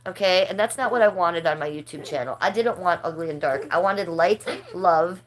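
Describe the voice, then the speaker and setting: A woman's voice: on the low side, moderate pace, few pauses, slight background noise. A middle-aged woman talks to her livestream viewers in a loose, rambling way. She gossips about people she knows and laughs often as she reads the chat. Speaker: livestream host.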